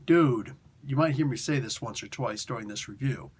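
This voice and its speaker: A man's voice: mid-range voice, normal speed, a little hiss or hum. A man casually reviewing a comic book in a laid-back, slangy, rambling way.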